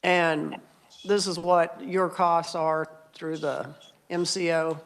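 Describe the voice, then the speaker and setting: A woman chairing a legislative committee hearing, asking the witness questions in a brisk, conversational way. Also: on the low side, little pitch movement.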